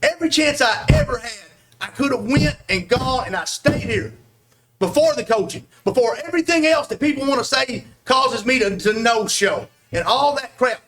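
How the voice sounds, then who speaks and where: Very high-voiced man ranting angrily. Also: lively intonation, normal speed, soft background music. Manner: aggressive, shouting, taunting. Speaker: wrestler trash-talking in an interview. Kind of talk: heated wrestling promo.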